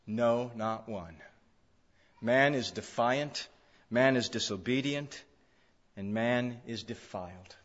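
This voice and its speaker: A man's voice: on the high side, a bit bright. A man preaching an expository sermon, emphatic, repeating phrases for stress. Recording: dull lo-fi sound in a reverberant hall.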